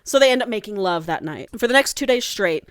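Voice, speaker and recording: A woman's voice: medium pitch, quick pace, clear, resonant tone, no echo. Woman podcaster gushing thru a book recap, dry close mic, acts out the lines. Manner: animated, acts out characters' lines while recapping. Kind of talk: casual chat, retelling a story with quoted lines.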